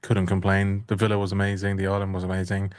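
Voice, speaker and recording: A laid-back man co-hosting a trading show chats easily and calls people mate. His voice sits a little low, and it is recorded dry, with no room sound. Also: completely flat delivery, quick pace, darkish tone, no room sound. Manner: easygoing, says mate. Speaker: trader, show co-host. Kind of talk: casual chat.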